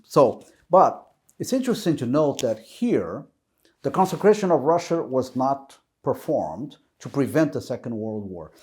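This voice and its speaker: Mellow-voiced man teaching earnestly. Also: medium pitch. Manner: earnest, conversational, addresses the viewer directly. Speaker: presenter of a Catholic video series. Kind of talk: unscripted teaching talk to camera.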